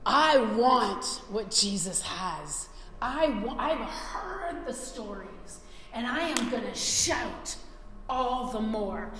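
Desperate blind male beggar shouting for help, put on by a woman preacher; high, reverberant hall. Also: very animated, slow pace, full character voice. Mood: defiant. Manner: shouting, pleading cries. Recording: echoey hall, faint ambience.

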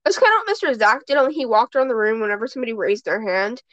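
A woman's voice: on the high side, big pitch swings, racing, fairly bright tone, dry recording. A woman hosting a podcast and chatting casually, telling rambling stories that restart mid-sentence. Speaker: podcast host. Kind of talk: casual chat. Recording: dull, dry sound.

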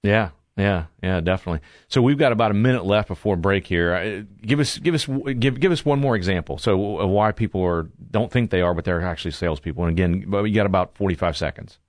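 A man's voice: deep voice, fast talker, few pauses, dry recording, studio quality. A man hosting a radio talk show, joking and cutting in playfully. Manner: playful, jokey interruptions.

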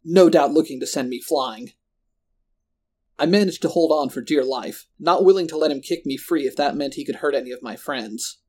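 A man tells a first-person horror story at a steady, measured pace. His voice sits in a middle pitch. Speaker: narrator.

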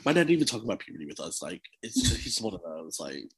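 A man's voice: low voice, sing-song, rapid-fire, crowd noise. A young man in his twenties, chatty and laughing often, telling a personal story as a guest in a casual conversation.

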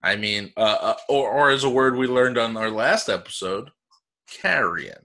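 A man's voice: medium pitch, lively intonation, normal speed, pushed and bright. A man co-hosting a podcast, reading out facts in casual chat, hesitant and joking, with many fillers. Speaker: podcast co-host.

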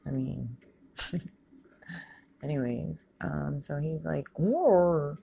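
A woman's voice: low-pitched, fairly even intonation, takes it slowly, creaky, mellow, breathy edge. A woman giving a casual, chatty commentary as she watches a movie, swearing freely and laughing and exclaiming at the screen. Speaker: movie reaction vlogger.

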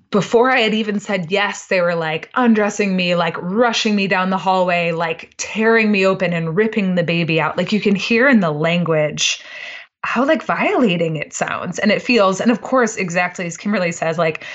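A woman joins a podcast as a guest and talks earnestly, full of feeling. Her voice sits a little low for a woman, and it comes through dull and lo-fi. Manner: earnest and expressive, many "like" fillers. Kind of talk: casual conversation.

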